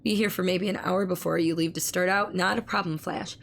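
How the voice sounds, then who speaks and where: Hoarse, gravelly woman streamer. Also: lowish voice, fairly even intonation, a little hiss or hum. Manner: speaks slowly and carefully to spare her voice; reads viewer messages aloud and answers them. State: hoarse from laryngitis. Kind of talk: casual live-stream chat.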